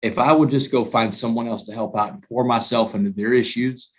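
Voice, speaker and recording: A man, a guest author telling his story in an emphatic, animated way during a talk-show interview. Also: medium pitch, fairly quick.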